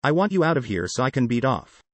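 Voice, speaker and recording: A man's voice: medium pitch, sing-song, quick pace, no echo, lightly acted. Man voicing a possessed, weepy old sergeant. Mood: shaky, tearful. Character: older male police sergeant possessed by a spiteful woman, weepy and coy.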